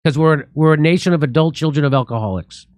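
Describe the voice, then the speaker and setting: The comedian hosting this political talk show speaks fast in a slightly high voice with a darkish tone, ranting animatedly and mocking his friends through impressions. It's a clean, echo-free studio recording.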